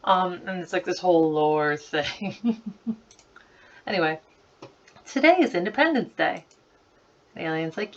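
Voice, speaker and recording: A woman around thirty, a creator revisiting her childhood slideshows, gives chatty, giggly commentary over a screen recording, peppering it with "like." Her fairly low voice is far from the mic in a slightly muffled lo-fi recording.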